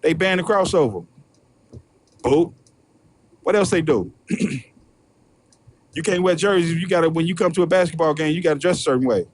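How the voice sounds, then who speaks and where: High-voiced man ranting profanely. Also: lively intonation, moderate pace, pauses often. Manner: heated, profane, repetitive. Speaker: host.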